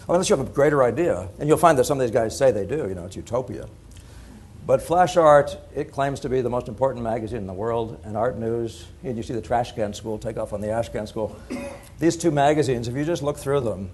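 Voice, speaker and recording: A middle-aged man giving a conference talk in an animated, digressive way, laughing at his own points. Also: mid-range voice, breathy edge. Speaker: conference speaker. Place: conference hall.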